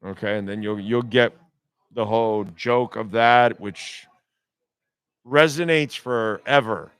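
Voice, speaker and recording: Male sports talk host, heated profane rant, slow delivery, smooth voice, dry sound. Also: lowish voice, fairly bright tone, dry recording. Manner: blunt, heated, profane, repetitive jabs. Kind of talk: ranting sports talk monologue.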